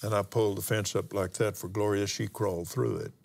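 An older man, a minister telling a testimony story in a folksy, drawn-out way with pauses and restarts. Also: on the low side, fairly even intonation, creaky, darkish tone. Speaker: minister and pilot. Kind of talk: storytelling testimony in a broadcast talk.

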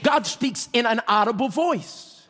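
A pastor with children preaching a sermon fervently, swinging between shouting and hushed tones and calling on the congregation to respond. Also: male voice, extremely high pitch, lively intonation, a little slow, a faint crowd. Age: adult with children.

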